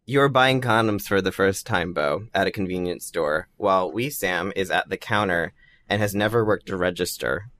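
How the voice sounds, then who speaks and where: A man's voice: sits low, moderate pace, a bit bright, slight background noise. A man hosting a podcast improv game, easygoing and often stumbling or chuckling. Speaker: podcast host running a game. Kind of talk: casual podcast chat.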